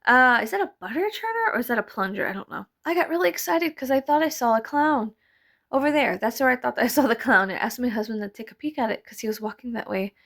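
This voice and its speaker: A woman's voice: fairly high pitch, lively intonation, fast, creaky, a bit bright. A young adult woman narrating a casual vlog voice-over, rambling, laughing often and swearing offhandedly. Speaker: vlogger. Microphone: voice-over mic.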